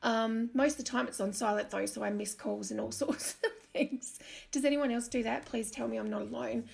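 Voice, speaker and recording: A woman's voice: on the high side, steady tone, brisk, creaky. A woman with an Australian accent, chatty and self-deprecating, who laughs often while narrating her crafting video. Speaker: crafting channel host.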